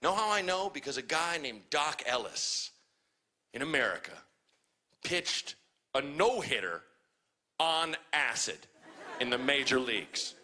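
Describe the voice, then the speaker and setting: A man's voice: mid-range voice, unhurried, long pauses. A man doing a profane stand-up comedy set on a club stage, telling stories and acting out other people's voices. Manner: profane, animated storytelling with acted-out voices.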